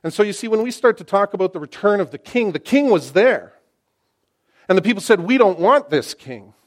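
A middle-aged man delivers a sermon in a high, brisk voice. His style is animated, excitable and conversational, and he often restarts his sentences.

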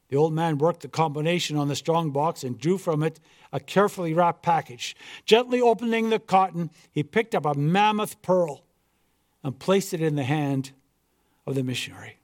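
A man reading a story aloud in a measured, earnest way. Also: on the high side. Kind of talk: read-aloud story narration.

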